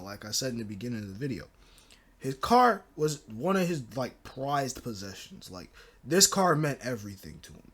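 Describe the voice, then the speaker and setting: A young man tells a story time in a relaxed, slang-heavy way, filling his pauses with little verbal fillers. His voice sits a bit higher than most men's. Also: slightly rough. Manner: loose slang-filled talk with many fillers. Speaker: storytelling channel host. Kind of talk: casual story time narration.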